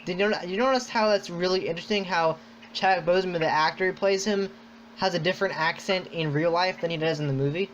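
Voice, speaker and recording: A man hosting a podcast in casual chat, rambling and excitable, full of "like". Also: high voice, quick pace, slight background noise. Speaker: podcast host. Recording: dull lo-fi sound.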